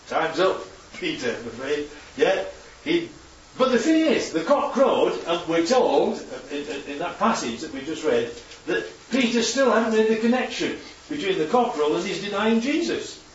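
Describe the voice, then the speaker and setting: A man's voice: sits high, sing-song, unhurried, slight background noise. A man preaching a chatty sermon with slides to his congregation, constantly checking in with tag questions. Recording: echoey hall, distant dull mic.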